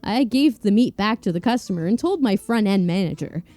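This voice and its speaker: A woman casually reading online stories aloud to her viewers in a playful, animated way. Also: medium pitch, a little fast, soft background music. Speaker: YouTube story narrator.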